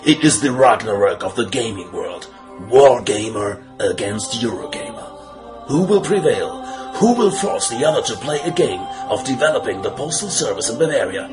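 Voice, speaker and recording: A man giving mock-epic trailer narration, slow and grave with a dramatic build-up. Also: medium pitch, animated. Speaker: show announcer. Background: music.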